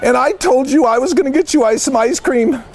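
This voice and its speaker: A man voicing Toad, a kind, anxious male toad in a children's storybook reading, with a high, pleading, apologetic manner. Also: fairly quick. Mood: remorseful.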